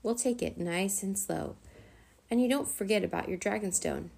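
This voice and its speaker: Lady reading a kind young boy, soft and encouraging, bit of gravel. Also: mid-range voice, brisk. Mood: gentle. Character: kind young boy dragon master, reassuring.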